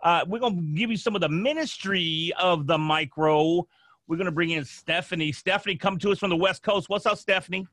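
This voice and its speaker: Guy doing a hype 80s hip hop dj, high voice, tosses out slang catchphrases. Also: fairly quick, fairly bright tone, no room sound. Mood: hyped. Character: hyped slang-talking male 80s hip hop radio host. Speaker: podcast host. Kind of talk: improvised comedy podcast.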